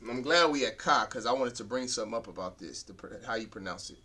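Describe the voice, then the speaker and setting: A man's voice: mid-range voice, animated, quick pace, sharp tone. Man teaching letters from far off the mic. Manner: drills letters aloud, stresses sounds, then lectures firmly. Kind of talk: beginner language class.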